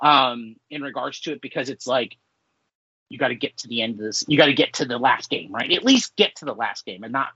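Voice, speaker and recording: A man's voice: medium pitch, animated, brisk, bright, forceful tone, slightly rough, dry recording, dull audio. A man in his forties co-hosting a podcast, talking in a rambling casual way full of filler words and ranting. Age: 40s. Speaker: podcast co-host. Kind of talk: casual chat.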